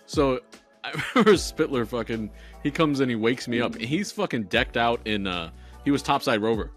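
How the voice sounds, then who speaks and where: A man's voice: mid-range voice, animated, normal speed. A young man co-hosting a podcast in loose, casual chat. He swears freely and laughs his way through stories, with faint music under his voice. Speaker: podcast co-host.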